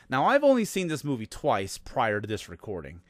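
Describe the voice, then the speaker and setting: A man from the United States hosts his podcast in a chatty monologue, dropping sarcastic asides as he goes. His pitch rises and falls a lot. The sound is dry and close, with no room around it. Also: normal speed, no room sound. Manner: sarcastic, lively storytelling with asides. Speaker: podcast host. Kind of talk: casual monologue.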